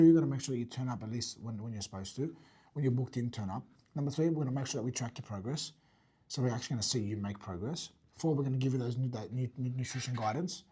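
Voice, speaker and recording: A fitness business owner teaching a group about sales. He talks blunt and energetic, swears casually and keeps checking in with "right?". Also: mid-range voice, slightly rough. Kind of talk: teaching talk to an audience.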